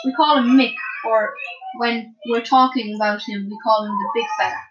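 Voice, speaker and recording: A woman reading aloud, voicing a cheerful young man who teases gently. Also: fairly high pitch, fairly even intonation, moderate pace, lo-fi sound, noisy background, close to an everyday voice. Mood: teasing. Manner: easy teasing.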